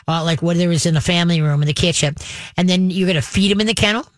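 A woman's voice: on the low side, fast talker, no room sound. Folksy lady explaining puppy training on the radio, keeps saying okay, dry sound. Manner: folksy, checks in with frequent "okay?", chants the commands. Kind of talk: radio advice talk.

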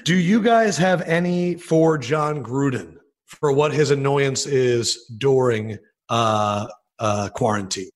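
A man's voice: medium pitch, slow pace. A man hosting a podcast, joking and riffing in casual chat over a video call. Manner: playful, riffing jokes, laughing. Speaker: podcast host.

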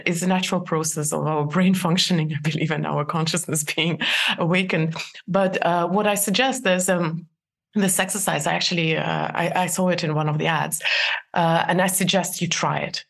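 This woman in her forties speaks with a low, gravelly voice. She gives advice as an interview guest, earnest and quick to laugh, often restarting her sentences. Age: 40s. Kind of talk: interview conversation.

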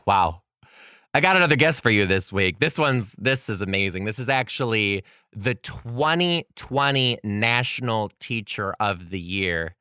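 Young male podcast host, bright voice, animated comic storyteller, dry close recording. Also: no room sound. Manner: animated, jokey, laughs often, squeals into high voices for quotes. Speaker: podcast host and kindergarten teacher. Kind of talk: comedic storytelling.

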